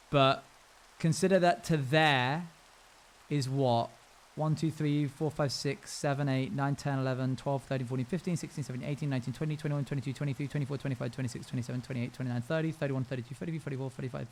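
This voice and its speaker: A young man live-streaming a game, chatting casually with his viewers in a rambling, self-amused way. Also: mid-range voice.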